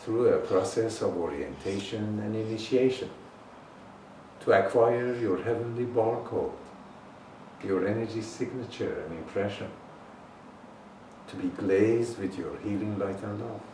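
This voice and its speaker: A man leading a guided meditation as a healing teacher, intoning slowly and deliberately with long pauses. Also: on the low side, dark tone. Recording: roomy echo, voice far from the mic, faint noise.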